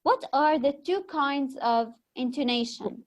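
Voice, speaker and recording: A woman's voice: sits high, animated, measured pace. A young woman with an Egyptian accent giving a classroom lecture, patiently explaining terms and quizzing her students. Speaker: teacher.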